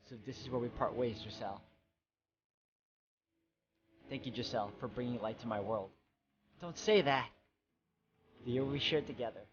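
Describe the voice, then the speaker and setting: A man reads game dialogue aloud in an ordinary mid-pitched voice. His delivery is soft and hesitant, and it carries a lot of emotion. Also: muffled recording, a little hiss or hum. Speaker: game walkthrough narrator.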